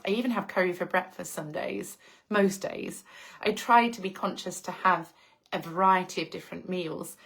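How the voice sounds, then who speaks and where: A woman's voice: mid-range voice, vocal fry, fairly bright tone. English woman, live-stream host, casual chat, effusive, laughs a lot. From England. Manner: effusive, gushing, laughs often. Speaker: live-stream host reading viewer comments.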